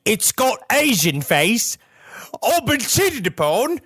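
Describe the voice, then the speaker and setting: A man's voice: very high voice, very animated, slow pace, a bit bright, husky, pitched above the performer's own voice, full character voice. A man doing a wailing jilted Cockney woman. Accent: put-on Cockney.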